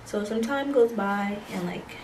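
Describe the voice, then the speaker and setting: A woman's voice: mid-range voice, unhurried, a little mellow, far from the mic, slight background noise, poor audio. A young woman telling a rambling, slangy story to her camera at home at night. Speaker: vlogger. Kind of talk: casual story time.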